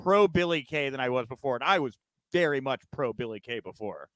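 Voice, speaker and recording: With a medium pitch and fairly bright tone, this man talks briskly and animatedly on a dry recording. He's the host of a wrestling news podcast, chatting casually, rambling through jokes, giggling at them, and making fun of himself.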